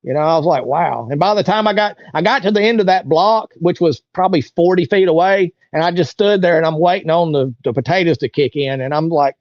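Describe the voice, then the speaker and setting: Rambling storyteller, somewhat high male voice. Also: fast talker, hardly any pauses, dry recording, lo-fi sound. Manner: rambling, colloquial, acts out others' lines. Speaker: interview guest. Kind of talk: casual storytelling.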